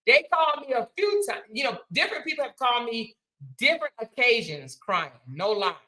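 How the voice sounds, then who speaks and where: A woman's voice: fairly high pitch, sing-song, brisk, bright, forceful tone, rough recording. A woman hosting a casual livestream, chatting and thanking viewers as she reads their comments. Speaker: livestream host.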